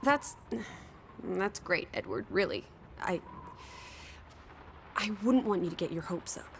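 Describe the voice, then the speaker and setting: A woman's voice: fairly low pitch, sing-song, measured pace, slight background noise. An actress playing a bossy, skeptical young woman companion in a video game, curt and dismissive. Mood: uneasy.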